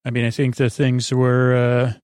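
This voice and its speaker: A man's voice: mid-range voice, monotone, moderate pace, a little mellow, smooth, no echo, studio quality. A man hosting a sleep podcast, recapping an episode in a meandering, laid-back way with lots of fillers. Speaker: podcast host.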